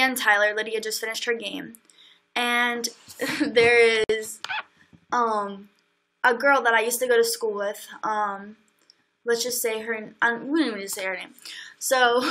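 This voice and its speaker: A woman's voice: a little high, pushed and bright. A young woman livestreaming, telling a long story in a chatty way, full of fillers and acted-out quotes. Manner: chatty, quick, acts out quotes, many fillers. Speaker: livestream host.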